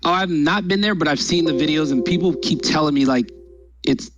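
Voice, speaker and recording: A man's voice: fairly high pitch, brisk, rough recording. A man talking as a guest in a casual live stream chat, laid-back and rambling with hesitant fillers.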